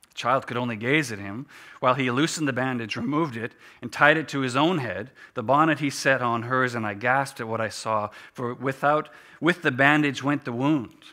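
Man, dramatic storytelling, bright tone, expressive, hushed quiet moments. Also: mid-range voice, moderate pace.

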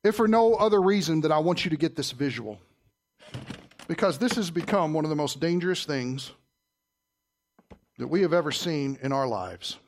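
High-pitched, emphatic preacher. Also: male voice, lively intonation, moderate pace, pauses often. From Southern United States. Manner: emphatic, quizzes the audience, swings between loud and soft. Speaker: pastor. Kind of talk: sermon.

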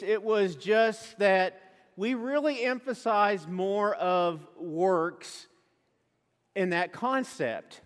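A male pastor preaching a sermon, telling stories and acting out quoted voices as he goes. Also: high voice. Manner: animated storytelling with quoted asides. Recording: long hall reverb.

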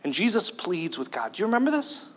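High, bright-voiced preacher man. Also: a little fast. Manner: animated, acts out voices of Bible figures, rises to shouts. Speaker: pastor. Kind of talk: sermon.

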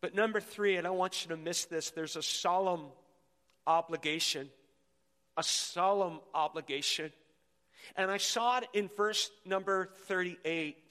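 A middle-aged man preaching a sermon as pastor, energetic and leading the congregation in call-and-response. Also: high-pitched, moderate pace, clear, resonant tone. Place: church sanctuary. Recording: long hall reverb in a church.

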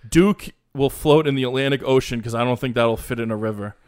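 A man co-hosting a casual sports podcast, rambling and animated, with restarts and mocking asides. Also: mid-range voice, brisk, clean tone. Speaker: podcast co-host.

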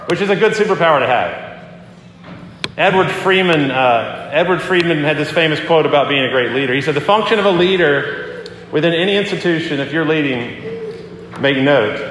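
A man preaching a sermon as a pastor, talking in a conversational, animated way as he tells a story and acts out the quotes. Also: on the high side. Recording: echoey hall with long reverb.

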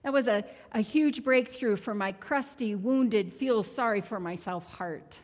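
A woman's voice: medium pitch, a little slow, a little mellow. A woman in her sixties giving a heartfelt, conversational testimony sermon as a prayer minister in a church sanctuary. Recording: long church hall reverb.

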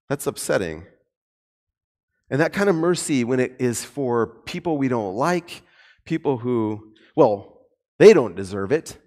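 A man preaching a sermon in a conversational, animated way with light humor. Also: on the low side, moderate pace. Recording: long hall reverb.

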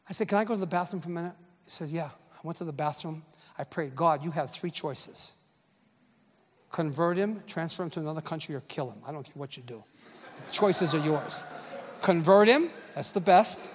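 A man's voice: on the high side, long reverb tail. A man in his sixties preaching a sermon, telling stories and drawing call-and-response from the crowd. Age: 60s. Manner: storytelling, punchy call-and-response.

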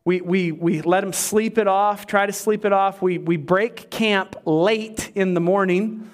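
A middle-aged pastor preaching a sermon in a high voice. He tells stories in a conversational way and pokes fun at himself. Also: fairly even intonation, a little slow. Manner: conversational, self-deprecating storytelling.

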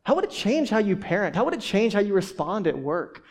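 A man's voice: sits high, very animated, a little fast, a little mellow. A man preaching a sermon to a congregation in a casual, conversational way, asking rhetorical questions and often restarting his words. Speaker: pastor.

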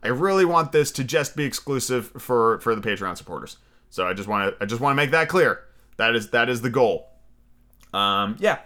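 A man's voice: medium pitch, expressive, normal speed, pushed and bright. A man hosting his own podcast, chatting casually and rambling, with plenty of fillers and restarts. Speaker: podcast host and reader. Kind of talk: casual chat and audiobook reading.

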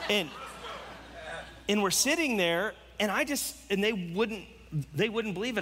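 A man preaches in a conversational, storytelling way, acting out the voices of people in his story. His voice sits a little high and sounds bright and forceful. The sound rings with a long hall reverb, like a church sanctuary. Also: a little slow, long pauses, slight background noise. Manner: storytelling, quoting others in lively voices. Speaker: pastor. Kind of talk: sermon.

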